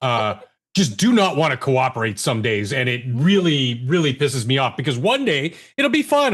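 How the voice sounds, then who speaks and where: A man chatting on a panel over a video call, animated and profane, with stammering restarts. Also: fairly high pitch, normal speed. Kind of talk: casual panel chat.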